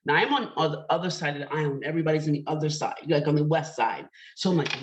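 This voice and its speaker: Hosting an online panel discussion, a woman tells a personal story in a chatty, candid way, full of fillers. Her voice sits low and she speaks briskly with few pauses, over dull, lo-fi online call audio.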